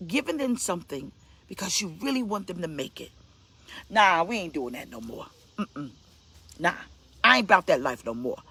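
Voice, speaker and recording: Emphatic New woman preacher, breathy voice. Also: a bit bright, dry recording. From Brooklyn, New York. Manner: blunt, emphatic, scolding, with sudden pitch leaps. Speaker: pastor. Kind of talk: preaching sermon.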